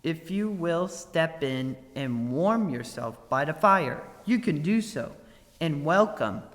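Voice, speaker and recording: A man's voice: fairly high pitch, animated, takes it slowly, fairly bright tone, long reverb tail. A man voicing a meek, humble young Cinderella in a storybook reading. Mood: kindly. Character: young kitchen girl Cinderella, meek and gentle.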